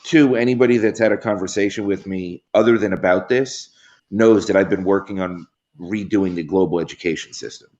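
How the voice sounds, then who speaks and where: A man's voice: deep voice, a little fast, a little mellow, highs cut off. A man speaking as a panel guest in a roundtable discussion, earnest and determined.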